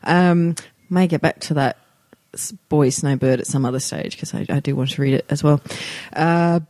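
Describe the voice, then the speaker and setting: A woman's voice: low-pitched, moderate pace, warm tone, no room sound. Give me a chatty, enthusiastic woman co-hosting a book podcast, recorded dry and close. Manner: enthusiastic, laughs often. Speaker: podcast co-host. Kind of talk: casual book review chat.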